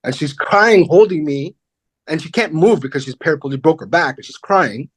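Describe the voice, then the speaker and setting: A middle-aged man, a comedian guest, telling a personal story in a candid, animated way and acting out the voices of the people in it. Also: a little high, normal speed, husky, no room sound. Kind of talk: casual interview storytelling.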